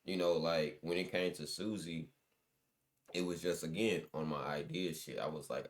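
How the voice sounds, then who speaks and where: A man's voice: a bass voice, steady tone, normal speed. A young man, a guest musician, telling stories in loose, slangy casual chat with lots of restarts.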